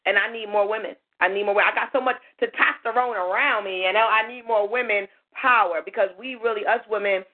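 A woman's voice: medium pitch, fast, few pauses. Tinny phone-line woman hosting radio. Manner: lively, chatty, thanking callers warmly. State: losing her voice a little. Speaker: radio show host. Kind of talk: call-in radio talk.

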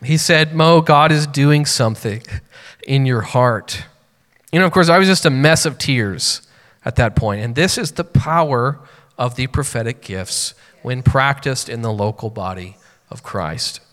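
With a long hall reverb filling the church sanctuary, a pastor in his thirties delivers a sermon in an animated, mid-range, slightly bright voice at a moderate pace. His manner is earnest, personal, and conversational, with many fillers.

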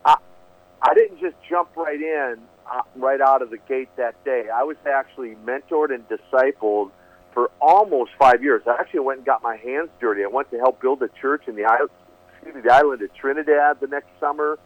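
A man's voice: medium pitch, lively intonation, fairly quick. An earnest man recounts his testimony as an interview guest, circling back and repeating words as he finds his thread. He sounds thin and tinny, like he is calling in on a phone line. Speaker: guest, preacher. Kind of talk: storytelling testimony.

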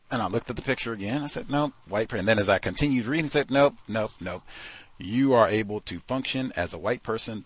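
A man's voice: deep voice, a bit bright, husky, no room sound. A man hosting a talk show, giving an exasperated, sarcastic review of a book, full of fillers like "uh" and "like.". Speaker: podcast host. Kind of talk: critical book review commentary.

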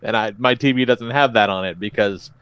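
A man's voice: on the low side, a little fast, fairly bright tone, smooth, dry recording. A man hosting a podcast, chatting casually in a rambling way and swearing freely. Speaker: podcast host. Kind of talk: casual chat.

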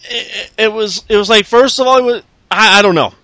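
A man's voice: sits high, brisk, sharp tone, no room sound. A man hosting a podcast, giving a sarcastic, profane casual recap. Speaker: podcast host. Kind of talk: casual wrestling recap chat.

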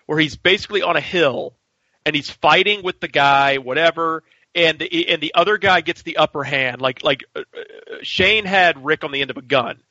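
A man co-hosting a casual podcast chat, talking in an animated way and acting out scenes. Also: a little high, normal speed, no room sound. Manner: animated, acts out scenes in shouted voices. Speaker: podcast co-host. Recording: dull lo-fi podcast audio.

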